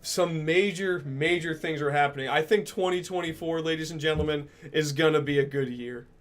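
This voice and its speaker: A young man streaming casually, reading out and answering chat messages, joking and swearing with sudden loud outbursts. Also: fairly high pitch, moderate pace, soft background music.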